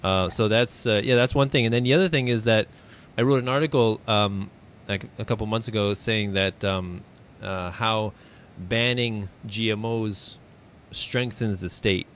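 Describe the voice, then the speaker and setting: A young adult man hosting a relaxed interview, talking in a rambling way with lots of fillers and restarts. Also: lowish voice, a little slow, slight background noise. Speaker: podcast host. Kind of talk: casual conversational interview.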